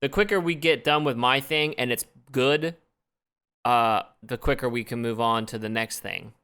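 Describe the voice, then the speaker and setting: A man with a bright, clear voice talks casually on a podcast in an easygoing, reflective way. His voice has an edge of brightness but stays clean. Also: mid-range voice, normal speed. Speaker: podcast co-host. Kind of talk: casual chat.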